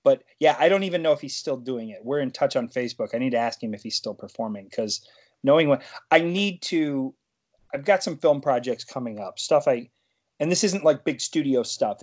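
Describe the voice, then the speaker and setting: Man, podcast guest, casual chat, rambling, self-interrupting, mid-range pitch.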